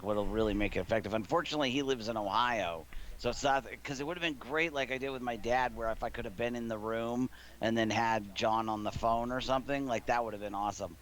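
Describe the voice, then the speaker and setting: A man in his thirties streaming from his living room, telling a long, meandering story at a relaxed pace. His voice sits in an ordinary middle range, and he laughs between lines. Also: medium pitch, a little hiss or hum. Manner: rambling anecdotal storyteller, laughs often. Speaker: gaming streamer. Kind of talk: casual stream chat, storytelling.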